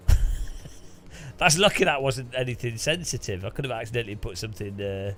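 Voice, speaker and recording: Over faint background music, a man with a bright, mid-range voice talks a little fast while racing on his livestream. He reads out viewer donations, puzzled and amused, chatting, laughing a lot and cursing.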